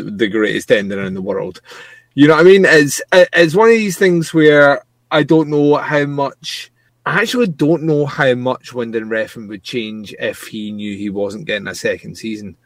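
A man co-hosting a casual TV review podcast, excitable and swearing freely. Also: mid-range voice, no echo. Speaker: podcast co-host.

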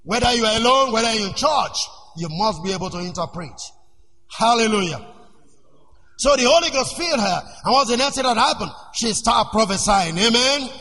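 Man preaching, super high bright voice, keeps repeating lines and shouting, big hall echo. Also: a little hiss or hum. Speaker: pastor. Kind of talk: sermon. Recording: long church reverb.

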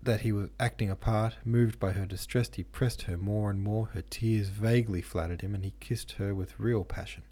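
Deep husky male audiobook narrator. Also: steady tone, normal speed, hardly any pauses, warm tone. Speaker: podcast host and audiobook reader. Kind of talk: scripted narration of a classic novel.

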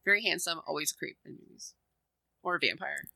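A woman guest on a podcast chatting casually as a film critic, tired but animated and gushing. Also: low voice, fairly quick, gravelly, no echo. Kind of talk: casual chat.

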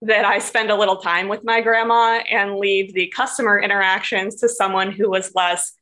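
A woman telling a personal story on stage in an earnest, unhurried way. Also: medium pitch, fairly even intonation, pushed and bright.

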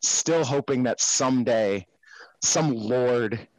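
A man's voice: medium pitch, slow, a little mellow, no room sound, rough recording. A man co-hosting a podcast in casual chat, enthusiastic, swearing casually and stumbling over his words. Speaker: podcast co-host.

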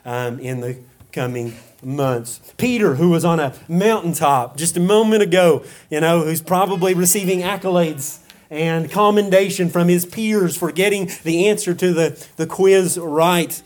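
A man's voice: sits high, normal speed. A man preaching a sermon to his congregation in an earnest way, asking rhetorical questions and often restarting and repeating words. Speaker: pastor.

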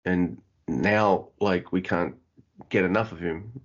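A man's voice: deep voice, steady tone, slow pace. A man co-hosting a casual wrestling podcast, laughing often and swearing freely. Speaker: podcast co-host. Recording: muffled lo-fi podcast audio.

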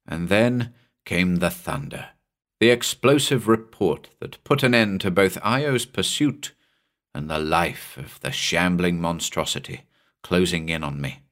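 A man narrating a horror story in a measured, dramatic way. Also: deep voice, lively intonation, fairly bright tone. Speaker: narrator and host.

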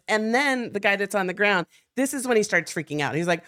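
Female podcast co-host, mid-pitch, casual storyteller who acts out quotes, dry sound. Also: animated, fast talker, hardly any pauses, a bit bright, no room sound. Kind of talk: casual chat.

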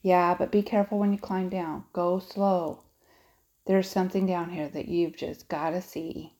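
A woman's voice: lowish voice, little pitch movement, measured pace, darkish tone, close to an everyday voice. A woman voicing a timid, curious young boy in an audiobook, speaking in an earnest, cautious way. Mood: bossy cautious. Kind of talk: audiobook character voice.

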